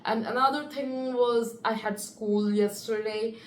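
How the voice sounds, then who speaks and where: A woman's voice: on the high side, fairly even intonation, measured pace. A teenage girl talking casually to the camera in a chatty, rambling way, full of fillers. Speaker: student vlogger. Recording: echoey room with faint ambient noise.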